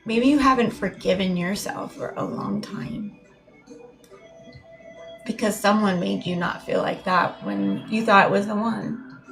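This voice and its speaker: A woman's voice: medium pitch, a little slow, gravelly, fairly bright tone, soft background music. A woman giving a live tarot reading in a meandering, heartfelt way, often repeating and restarting her words. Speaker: tarot reader.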